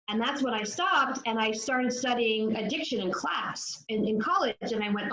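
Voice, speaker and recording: A woman's voice: on the high side, normal speed, a bit bright, a little hiss or hum. A woman guest on a podcast, explaining addiction with confidence. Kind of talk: podcast interview. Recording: echoey room, dull lo-fi sound.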